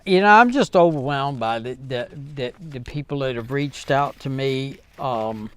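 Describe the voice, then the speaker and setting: A man hosting his own vlog, talking earnestly and heartfelt to viewers in a halting way, with many fillers and restarts. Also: medium pitch, lively intonation, a bit bright, clear, resonant tone. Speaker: channel host. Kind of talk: casual vlog talk to viewers.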